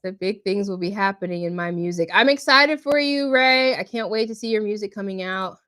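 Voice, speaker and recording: A woman's voice: mid-range voice, brisk. A woman hosting a live stream, out of breath and laughing as she reads viewer comments aloud and answers them by name. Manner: chatty, laughs often, warmly addresses chatters by name. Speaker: livestream host.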